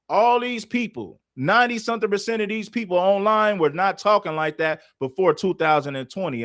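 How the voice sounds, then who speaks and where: A man's voice: high voice, fairly bright tone, no echo, studio quality. A man hosting a livestream, arguing in a confrontational, repetitive way. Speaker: livestream host. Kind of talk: heated livestream commentary.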